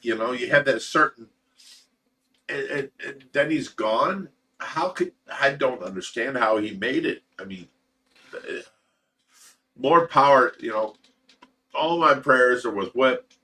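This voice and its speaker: A man's voice: mid-range voice, expressive, measured pace, pauses often, pushed and bright, far from the mic. A man hosting a casual livestream, talking in an emotional, rambling way with repeated words and swearing. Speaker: host of a fish rescue livestream.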